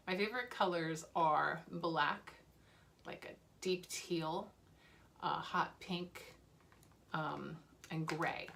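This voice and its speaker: A woman's voice: fairly low pitch, fairly bright tone, slight background noise. A woman beauty vlogger talking casually and candidly about makeup she is using up, with fillers and small laughs. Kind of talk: casual chat.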